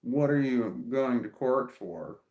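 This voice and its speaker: A man's voice: mid-range voice, lively intonation, slow, darkish tone, reverberant. An American man reading live chat aloud on his stream, rambling, swearing and restarting his sentences. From United States. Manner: rambling and profane, with frequent restarts. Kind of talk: casual livestream chat.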